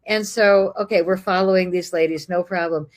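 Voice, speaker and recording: A woman's voice: lowish voice, normal speed. A middle-aged woman from the United States telling a personal story in casual conversation, acting out the voices of people she met. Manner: lively, animated, acts out dialogue. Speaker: guest.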